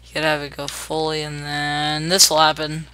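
A young adult gaming host giving chatty, upbeat commentary while playing, narrating each move out loud. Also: medium pitch, completely flat delivery, moderate pace, no room sound. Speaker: gameplay video host. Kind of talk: casual let's-play commentary.

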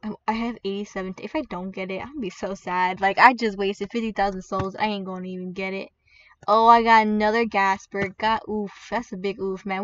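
A woman giving chatty, excitable commentary while playing a game, with squeals and laughs as she opens pets. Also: medium pitch, a little fast, recorded from a distance, dull audio. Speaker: gaming video creator. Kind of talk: gaming commentary.

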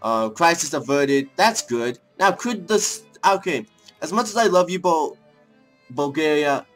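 A young man casually commenting on a strategy game as he plays, thinking aloud, rambling and breaking into excited outbursts, with faint music behind him. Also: a little high, unhurried. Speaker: let's play gamer.

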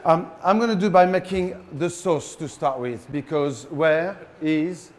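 A man's voice: fairly high pitch, measured pace, slight background noise. A man with a French accent giving a live cooking demonstration, playful and joking with his audience as he cooks. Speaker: chef. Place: live event in front of a large audience.

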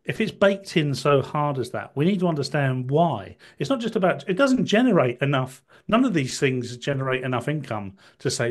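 A man's voice: a little high, sing-song, normal speed, few pauses. Man, podcast guest, hesitant, restarts, wry asides. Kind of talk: political podcast chat.

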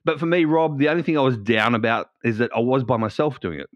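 A man hosting a podcast in casual, playful chat, animated and teasing. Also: medium pitch, fast talker, no room sound. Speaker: podcast host. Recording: dull, dry lo-fi sound.

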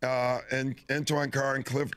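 A man's voice: mid-range voice, little pitch movement, a little slow, fairly bright tone, clear, resonant tone. A man, a former basketball player, telling rambling anecdotes on a podcast in a casual way. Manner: rambling anecdotes with laughs and fillers.

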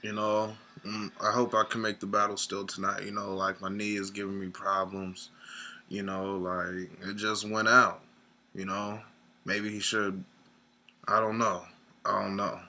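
A man's voice: fairly low pitch, little pitch movement, a little slow, sharp tone. A young man rambling in a mock-serious rant, whiny and near tears, tacking "man" onto every line. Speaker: comedic sketch performer.

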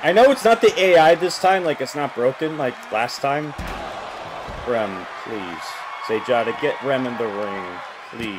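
A man giving casual, reactive commentary on a wrestling video game, swearing and yelling at the screen as he pleads with the characters. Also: medium pitch, expressive, measured pace. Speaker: gameplay commentator. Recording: game crowd and noise behind voice.

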